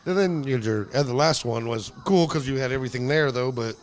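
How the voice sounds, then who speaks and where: Dude throwing in quick blunt comments, average voice. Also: male voice, medium pitch. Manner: short agreeing replies, blunt remarks. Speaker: guest, friend of the host. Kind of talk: casual chat.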